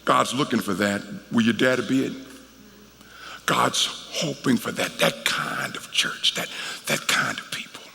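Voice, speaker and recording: A middle-aged man tells a story from the pulpit in a folksy, conversational way, throwing asides to the congregation. His voice sits high and swings widely, with a gravelly edge, and it rings out through a large reverberant worship hall. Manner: animated, folksy, conversational preaching with asides to the crowd. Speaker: guest preacher. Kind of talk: storytelling sermon.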